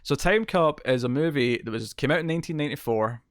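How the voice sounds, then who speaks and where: A man's voice: a little high, quick pace, dry recording, studio quality. A man co-hosting a podcast in casual chat, rambling and laughing often. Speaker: podcast co-host.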